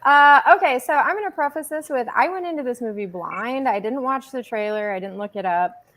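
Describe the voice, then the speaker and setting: A woman co-hosting a movie podcast, talking casually, lively and swearing freely. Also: a little high, brisk. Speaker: podcast co-host. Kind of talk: casual chat.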